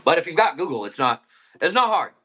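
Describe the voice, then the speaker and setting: A man's voice: on the high side, very animated, a little fast, bright, forceful tone, a little hiss or hum. A man selling plants on a live stream, chatting casually and rambling between topics while eating. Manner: rambling, laid-back, eating while talking.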